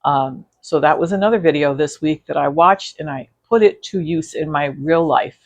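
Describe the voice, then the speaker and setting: A woman's voice: deep voice, moderate pace. A woman vlogging about quilting in a casual, rambling way, with many fillers and self-corrections. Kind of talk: casual chat reviewing videos.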